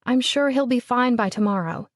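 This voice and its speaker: A woman voicing a caring young woman who talks gently and reassuringly. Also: fairly high pitch, normal speed, no room sound, studio quality, pitched above the performer's own voice, lightly acted.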